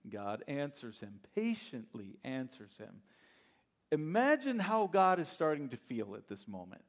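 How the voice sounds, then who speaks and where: A male pastor preaching a sermon, retelling the story in an animated, conversational way. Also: mid-range voice, a little slow.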